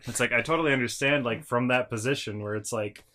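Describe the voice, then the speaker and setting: A man's voice: medium pitch, fast, pushed and bright. A man in casual podcast chat, telling a childhood story with lots of swearing and acted-out quotes. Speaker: podcast host.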